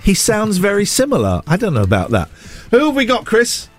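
A man's voice: high-pitched, huge pitch swings, fairly quick, faint music behind. A man presenting a morning radio show, playful and upbeat, with sing-song asides. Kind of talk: lively morning radio chat. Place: radio studio. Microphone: studio microphone.

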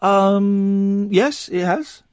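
A man's voice: high-pitched, drawn-out words, darkish tone, smooth, no echo. A man with an English accent hosting a late-night call-in radio show, chatting and teasing his callers in a studio. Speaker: radio host. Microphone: studio microphone.

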